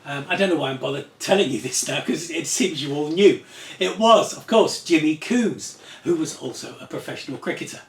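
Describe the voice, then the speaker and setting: A man's voice: a little high, animated, a little fast, gravelly, roomy sound. A man hosting a table football show from home, chatty, enthusiastic and self-deprecating as he talks to the camera. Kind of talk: casual presenting to camera. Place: room at home. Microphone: camera on a tripod.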